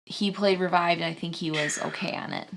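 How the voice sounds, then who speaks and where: A woman's voice: lowish voice, steady tone, brisk, creaky, fairly bright tone. A woman co-hosting a live board game stream. She chats casually and jumps from topic to topic as she plays. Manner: chatty, jumps between topics. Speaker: co-host of a board game channel. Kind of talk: casual chat while playing a board game.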